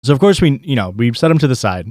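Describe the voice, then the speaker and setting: A man's voice: medium pitch, sing-song, quick pace, darkish tone, dry recording, studio quality. A male streamer telling a long story in a casual, rambling way, with plenty of swearing and filler words. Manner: rambling, profane, lots of likes and restarts.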